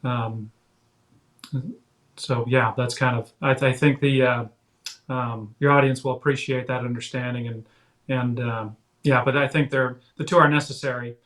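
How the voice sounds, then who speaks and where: A man speaking as an interview guest in casual chat, halting, with frequent fillers and restarts. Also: mid-range voice, fairly even intonation, fairly bright tone. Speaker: guest author.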